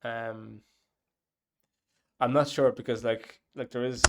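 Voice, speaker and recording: Gravelly rambling man. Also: mid-range voice, fairly even intonation, slow, heavy background noise. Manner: rambling, thinks aloud with many fillers. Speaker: app developer. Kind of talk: casual dev log talk.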